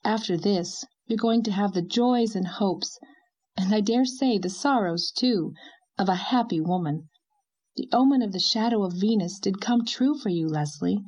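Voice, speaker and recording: A woman's voice: mid-range voice, a little mellow, close to an everyday voice. Lady doing a teasy young wife, playful and bossy, bit muffled audio. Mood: teasing. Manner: teasing, brisk, playfully bossy. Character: young married woman, teasing and cheerful. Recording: dull lo-fi recording.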